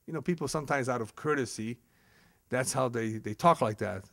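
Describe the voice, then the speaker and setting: This rabbi lecturer speaks a little fast with some vocal fry in a mid-range voice, captured dry and studio-clean. His ethics lesson is full of animated storytelling, impersonations of quoted figures, regular chuckles, and scattered Hebrew terms in English.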